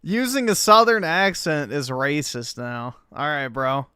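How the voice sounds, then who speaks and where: A man's voice: on the high side, measured pace, bright, forceful tone, clear, resonant tone, dry recording. A man hosting a livestream, reacting to videos in heated, profane rants. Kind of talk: live reaction commentary.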